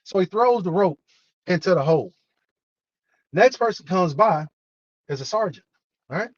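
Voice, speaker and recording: A man's voice: sits high, expressive, moderate pace, lo-fi sound. A man who is an army non-commissioned officer gives a motivational talk, earnest and repetitive, preaching the value of education.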